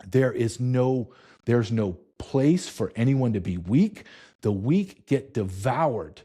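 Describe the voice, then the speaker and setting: A middle-aged man telling a story in an interview, emphatic and intense, slowing down for dramatic weight. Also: mid-range voice, expressive, warm tone, husky. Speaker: interview guest, former border agent.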